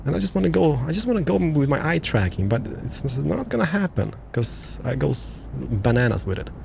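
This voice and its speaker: A man's voice: fairly high pitch, very animated, brisk, creaky, a little mellow, a little hiss or hum. A man giving casual, joking, exclamatory commentary while playing a truck driving game. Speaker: let's-play gamer.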